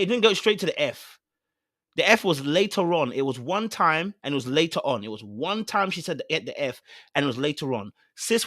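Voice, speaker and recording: A man's voice: on the high side, a bit bright, no echo, studio quality. A man hosting a reaction show, blunt and repeating his points for emphasis. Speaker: reaction channel host. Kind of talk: casual reaction commentary.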